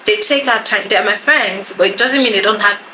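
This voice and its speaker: A woman's voice: mid-range voice, a little fast. A woman telling a story in a casual chat, acting out the voices of the people in it. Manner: animated storytelling, acts out quoted voices. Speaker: podcast co-host telling a story. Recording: echoey room with background noise.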